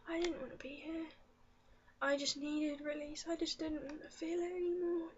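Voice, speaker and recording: A teenage girl speaking in a personal confessional vlog, soft and halting, often slipping into a whisper, tearful. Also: sits high, fairly even intonation. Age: teens. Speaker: vlogger. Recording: muffled lo-fi sound.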